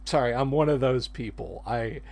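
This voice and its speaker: A man co-hosting a casual chat, halting and restarting as he searches for words. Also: mid-range voice, fairly even intonation, darkish tone. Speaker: co-host.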